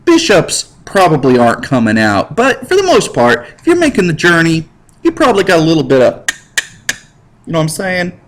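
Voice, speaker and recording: A man teaching history in a casual, slangy lecture over slides, cracking jokes and putting on quick voices for the people he describes. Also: fairly high pitch, low-quality recording. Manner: slangy, jokey, animated with put-on voices. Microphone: computer mic while drawing with a mouse.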